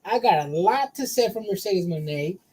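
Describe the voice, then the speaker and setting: A man co-hosting a casual wrestling talk show, excitable and slangy, calling his partner bro. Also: high-pitched, normal speed, a little hiss or hum, poor audio. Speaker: podcast co-host.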